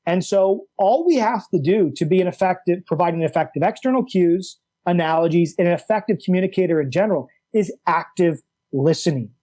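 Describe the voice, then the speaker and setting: A middle-aged man, a coach and author, explaining ideas with animated emphasis, repeating key words for effect. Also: sits high, a little fast. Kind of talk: enthusiastic explanatory conversation.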